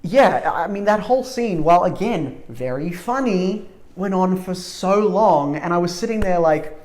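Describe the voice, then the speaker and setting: A man's voice: sits high, lively intonation, normal speed, darkish tone. A man, co-hosting a casual film review and rambling with frequent restarts and casual swearing. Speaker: podcast co-host. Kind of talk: casual movie review chat.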